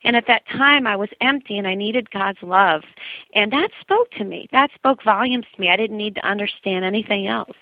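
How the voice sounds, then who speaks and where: A woman's voice: mid-range voice, normal speed, no room sound. A woman, a singer-songwriter guest, telling her personal story in an earnest, storytelling way over the phone. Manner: earnest storytelling, lively quoted voices. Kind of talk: personal testimony in a phone interview. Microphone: telephone. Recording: tinny phone line.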